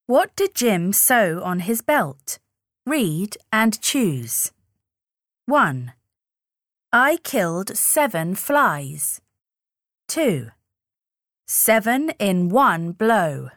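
A woman slowly reading out comprehension questions and answer choices for learners. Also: medium pitch, big pitch swings, fairly bright tone, no room sound, studio quality. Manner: very slow, measured, instructional. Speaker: exercise reader.

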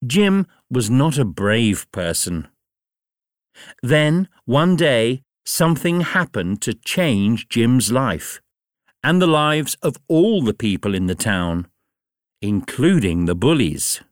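A male narrator reads a graded reader storybook very slowly and clearly, with highly expressive delivery. The recording is dry, with clean studio sound.

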